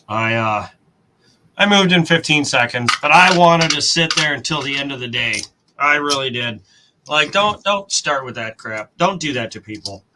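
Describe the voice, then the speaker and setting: Bright-voiced American man telling a story. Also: mid-range voice, rough recording. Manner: animated storyteller, acts out quotes, mild cursing dodges. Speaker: coin roll hunting host. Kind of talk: casual storytelling chat.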